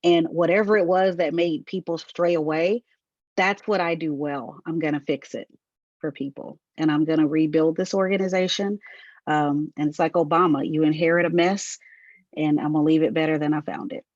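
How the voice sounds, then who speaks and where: A woman guest on an interview, warmly affirming and repeating her praise for the host. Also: low-pitched, steady tone, moderate pace, no room sound, muffled recording. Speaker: guest and team member. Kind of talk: interview conversation.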